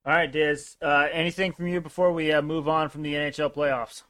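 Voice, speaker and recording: A man with a slightly higher voice co-hosts a casual sports podcast. He talks in a laid-back way, pausing often on ums and uhs as he works through his picks. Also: little pitch movement, fairly bright tone. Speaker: podcast co-host. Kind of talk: casual sports betting chat.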